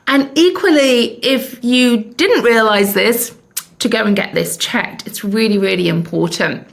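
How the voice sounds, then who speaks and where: A woman's voice: on the high side, unhurried, gravelly. A woman in her fifties hosting a podcast, telling a personal story candidly with self-mocking humor. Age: 50s. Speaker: podcast host.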